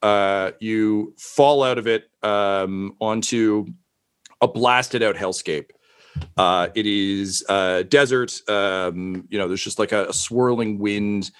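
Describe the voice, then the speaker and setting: A man's voice: lowish voice, slow, a bit bright, smooth. A man narrating as game master in a rambling, profane, casual way.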